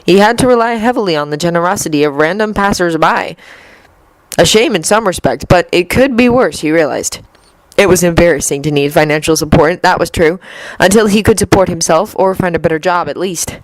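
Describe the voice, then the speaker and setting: Woman reading fanfic aloud, steady pace, dry close mic. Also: lowish voice, a little fast, dry recording, rough recording. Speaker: reader. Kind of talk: storybook narration of fan fiction.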